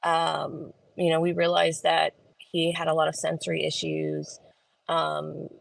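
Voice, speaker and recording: Deep-voiced with vocal fry, she speaks at a measured pace with lively intonation, in a rough phone recording with no echo. It's a casual, homey chat with live viewers from her parked car in a school pickup line, rambling and stuffed with fillers.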